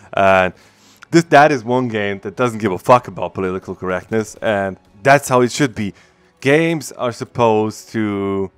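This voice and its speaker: A man's voice: medium pitch, clean tone, no echo. A man hosting a gaming channel, ranting casually, profane, heated and rambling.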